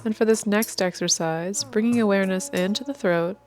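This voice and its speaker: A woman leading a guided meditation, giving calm, unhurried, inviting instructions over soft instrumental music. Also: mid-range voice.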